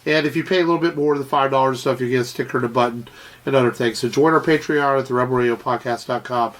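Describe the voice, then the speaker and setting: A man's voice: mid-range voice, fast talker, fairly bright tone. Chatty man, a bit nasal. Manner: enthusiastic, swearing, rambling with fillers. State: slightly nasal from a cold. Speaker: podcast co-host. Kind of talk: casual chat.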